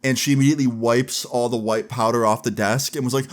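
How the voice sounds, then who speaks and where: A young man spins a storytime for his channel in an easy, conversational voice that sits at an ordinary middle pitch. He talks candidly, peppering every sentence with "like" and the odd swear word. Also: fairly even intonation, fast. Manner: chatty and candid, heavy use of "like", casual swearing. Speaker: vlogger. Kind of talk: casual storytime narration.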